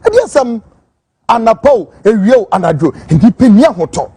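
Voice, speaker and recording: A Ghanaian man delivering fiery political commentary as a host. His voice sits high and swings widely as he rants. The tone is mellow but husky, recorded close and dry. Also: big pitch swings, moderate pace, dry recording. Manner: fiery, emphatic ranting; switches between Twi and English.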